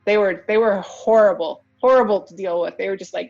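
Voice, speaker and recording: A woman's voice: mid-range voice, fairly quick, gravelly, hardly any pauses. A woman recounting events in a casual interview, acting out what other people said as she goes. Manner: lively retelling, acts out other people's lines. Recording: dull lo-fi recording.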